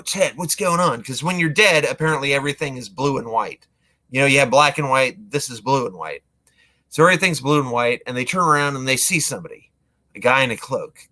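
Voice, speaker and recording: A man's voice: mid-range voice, pushed and bright. A man retelling a movie plot casually, rambling with lots of fillers and acting out lines. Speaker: movie reviewer.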